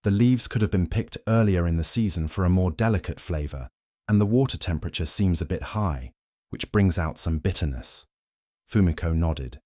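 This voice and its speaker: A man giving calm, slow, soothing scripted narration of a bedtime story, close to the mic. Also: low-pitched, no echo.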